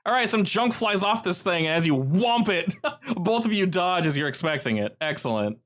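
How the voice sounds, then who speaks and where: A man narrating as game master of an online tabletop game, with animated jumps in pitch. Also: moderate pace.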